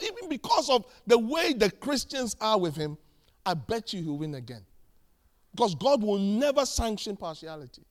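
Male preacher with a high voice, animated and emphatic, acts out conversations from the pulpit. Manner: animated storytelling, acting out dialogue; emphatic, repeats key phrases. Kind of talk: sermon.

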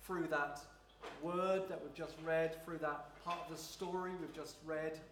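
A man leading a congregation through a slow, prayerful devotional teaching in a church room, with repetitive phrasing. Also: fairly high pitch, fairly even intonation, a bit bright. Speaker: pastor leading a service. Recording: roomy echo, faint noise.

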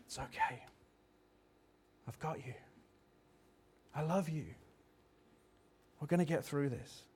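A man voicing God as a gentle, fatherly male presence who speaks in a hushed, reassuring near-whisper. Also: a little high, animated, normal speed, slightly rough. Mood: tender.

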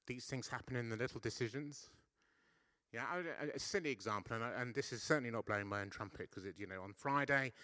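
A man's voice: lowish voice, bright, forceful tone, no echo. Man, preacher, conversational sermon, self-deprecating, dry close sound. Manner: conversational, self-deprecating, frequent "yeah?" checks. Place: church.

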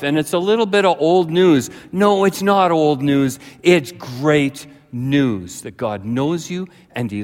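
A man preaching a sermon as pastor, telling a childhood story with lively acted-out voices. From British Columbia, Canada. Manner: animated storyteller, jumps to high frantic voices when acting out his childhood self. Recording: long reverb of a large hall.

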